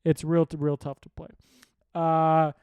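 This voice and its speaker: A young male sports podcast host with a slightly high voice chats casually about the weekend's golf. He rambles, restarts and swears freely. The recording is dry, with no room sound. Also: little pitch movement, measured pace, a little mellow, clean tone, no room sound. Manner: rambling, profane, conversational recap.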